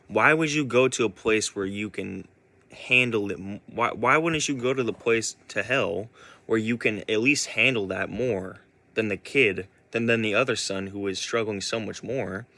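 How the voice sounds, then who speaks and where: A man's voice: fairly low pitch, bright, forceful tone. A man giving a casual spoken monologue as a vlogger, rambling with many restarts.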